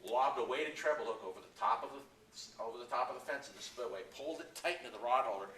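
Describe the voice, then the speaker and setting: Animated storytelling man, echoey room. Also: medium pitch, quick pace, a little hiss or hum. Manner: animated yarn-spinner, acts out quotes, laughs often. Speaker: guest speaker at anglers club. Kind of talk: storytelling to a club audience. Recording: echoey room, speaker far from mic.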